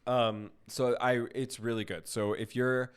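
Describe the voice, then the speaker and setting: A man's voice: mid-range voice, little pitch movement, unhurried, smooth. A man co-hosting a podcast, chatting and giving opinions on reality TV shows. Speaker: podcast co-host. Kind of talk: casual chat.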